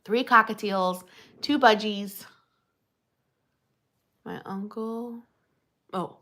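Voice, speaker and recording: Bright-voiced chatty woman streamer. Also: medium pitch, extremely slow. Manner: chatty and gushing, answers viewers by name, frequent laughs. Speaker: livestream host. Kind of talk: casual live-stream chat reading viewer comments.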